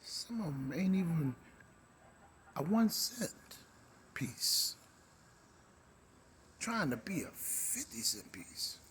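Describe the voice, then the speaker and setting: A man's voice: on the high side, big pitch swings, takes it slowly, pauses often, a bit bright, a little hiss or hum. A middle-aged man with a Maryland accent, hosting his own show in a rambling monologue, drawling, humming and dropping into whispers. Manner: drawling, slips into whispers and hums. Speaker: show host.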